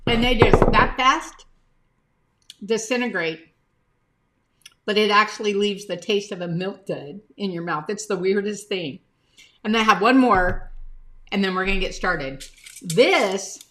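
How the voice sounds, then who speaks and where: A woman's voice: medium pitch, takes it slowly, pauses often, bright, forceful tone. A woman hosting a casual live stream, chatting to viewers by name as she holds items up to the camera, sometimes talking with her mouth full.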